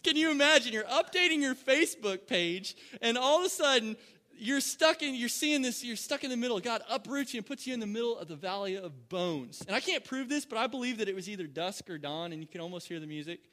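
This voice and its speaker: Pastor guy preaching, kinda high voice, bright tone, chatty with the church. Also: brisk. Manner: animated, joking, talks to the congregation. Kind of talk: sermon.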